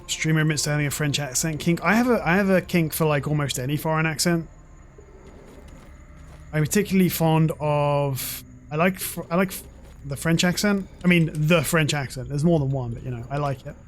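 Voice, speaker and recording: A man's voice: on the high side, fairly quick, slight background noise. A man in his forties chatting casually while gaming, rambling and swearing freely as a streamer.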